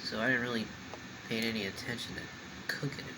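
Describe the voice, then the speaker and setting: A man's voice: mid-range voice, steady tone, heavy background noise. A man eating on camera and chatting casually, talking with his mouth full. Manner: slow eater. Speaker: mukbang vlogger. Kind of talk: casual eating vlog chat.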